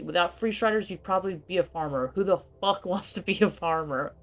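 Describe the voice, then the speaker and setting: A woman's voice: on the low side, fairly quick, hardly any pauses. A woman streaming a role-playing game, reading its dialogue aloud and reacting casually with swearing and laughter. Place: home streaming setup.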